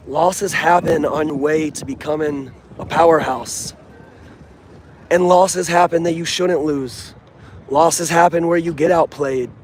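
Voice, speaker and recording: A sports fan vlogger, a young man, chats earnestly but casually about his football team outside near a stadium, dropping street slang. The voice runs fairly high and slightly mellow, and there's some hiss or hum in the audio.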